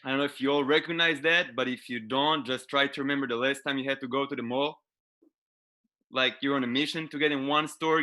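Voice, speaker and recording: A young man with an Israeli accent performing a deadpan stand-up comedy set over a video call. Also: fairly high pitch. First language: Hebrew. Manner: deadpan delivery, halting English.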